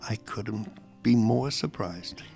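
A man hosting a faith radio show, chatting casually with a halting, warm manner. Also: fairly low pitch, gravelly, husky, soft background music. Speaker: radio host.

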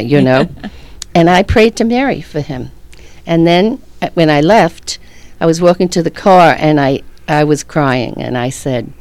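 A woman's voice: on the low side, measured pace, a little mellow, no room sound. A middle-aged woman earnestly telling a personal faith story, often laughing as she speaks. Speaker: guest.

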